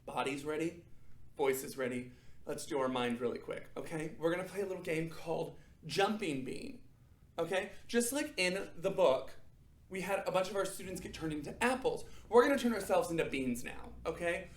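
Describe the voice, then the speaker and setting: A young adult man teaching children a drama warm-up, upbeat and encouraging, checking in often. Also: fairly high pitch, expressive, normal speed, echoey room. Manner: upbeat, encouraging, frequent "okay?" check-ins. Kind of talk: guided acting warm-up for children.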